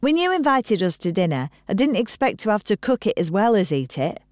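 A woman reading an audiobook voices a middle-aged mother, bantering and quick to take offence. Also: medium pitch, sing-song, a little mellow, no echo, studio quality, voice pushed up, natural voice. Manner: indignant, bantering.

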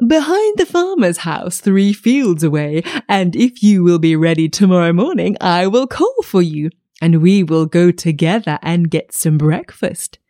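A woman voicing a sly, hungry male wolf in a storybook, with slow, drawn-out coaxing lines. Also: fairly low pitch, big pitch swings, warm tone, no room sound, studio quality.

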